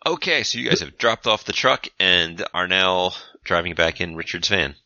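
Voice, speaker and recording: A man's voice: low voice, expressive, moderate pace, bright, forceful tone, dry recording. A man narrating as game master of a tabletop game, with dry, teasing questions to the players. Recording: dull lo-fi mic.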